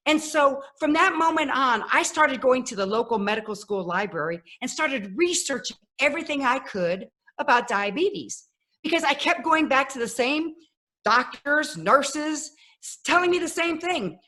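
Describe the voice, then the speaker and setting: A woman in her fifties, a podcast guest telling her life story in a lively way and acting out the voices of people she quotes. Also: sits high, moderate pace. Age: 50s. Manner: animated, acts out quoted voices. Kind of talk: personal storytelling.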